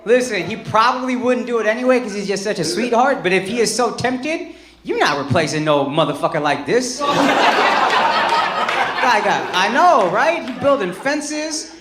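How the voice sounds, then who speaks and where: High-voiced guy doing crowd work on stage, yells in fake outrage, echoey club w/ audience roaring. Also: sing-song, moderate pace. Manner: brash, profane, swings from mock outrage to shouting. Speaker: stand-up comedian. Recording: roomy club sound with loud crowd laughter. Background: crowd laughter.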